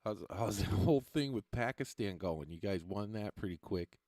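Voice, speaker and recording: A man with a lowish, darkish voice, lively intonation, and normal speed, recorded cleanly in a studio with no echo. He's a stand-up comic chatting casually on a livestream, loose, rambling, and profane, often laughing at his own lines.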